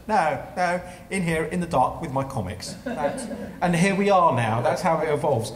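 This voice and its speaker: Chatty British man, higher voice, echoey room. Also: expressive, moderate pace, few pauses. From Britain. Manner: chatty, laughs easily. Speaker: author on a panel. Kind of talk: casual panel banter. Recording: roomy event-room recording, faint noise.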